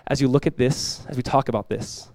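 A young adult man preaching a sermon as pastor, energetic and conversational, often restarting his phrases. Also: mid-range voice, fairly quick, no room sound.

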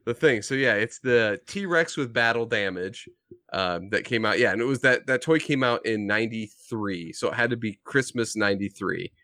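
A man's voice: fairly low pitch, normal speed, bright, forceful tone, dry recording. Podcast co-host, man in his thirties, dry close sound, laughing profane storyteller. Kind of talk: casual chat.

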